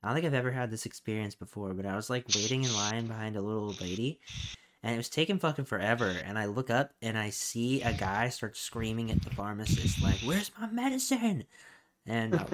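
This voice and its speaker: A man's voice: on the low side, fast talker. Laid-back guy telling stories. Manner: laid-back storyteller, acts out yelling people. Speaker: podcast co-host. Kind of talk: casual chat.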